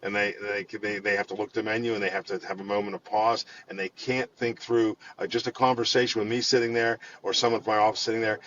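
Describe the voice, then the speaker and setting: A man guest telling long stories in an interview, animated and full of restarts and repeated words. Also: on the low side, quick pace, hardly any pauses, dull audio, a little hiss or hum. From Pittsburgh area. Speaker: guest, financial firm head. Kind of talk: conversational storytelling in an interview.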